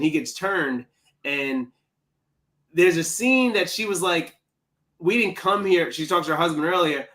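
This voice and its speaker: An energetic man co-hosts a film discussion, his voice sitting a little high and ringing bright. He jumps into acted-out quotes and exclamations, the rhythm of easy, excited conversation. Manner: animated, exclaims and acts out quotes. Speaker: film podcast co-host.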